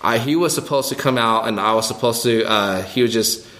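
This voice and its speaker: A man co-hosting a church ministry podcast, telling a story in a rambling, animated, casual way. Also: mid-range voice, a little fast. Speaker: children's ministry co-host.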